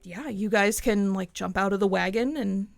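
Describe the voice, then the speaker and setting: A woman narrating a tabletop game as game master, relaxed and conversational. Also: medium pitch, moderate pace, gravelly, dry recording, soft background music. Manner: relaxed, conversational, with frequent "like" fillers.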